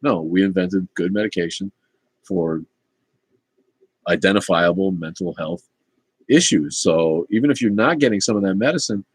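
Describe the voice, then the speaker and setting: Low-voiced man in his fifties, rambling. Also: husky, no echo. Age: 50s. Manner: relaxed, rambling, with many fillers. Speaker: livestream host reading chat. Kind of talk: casual livestream chat.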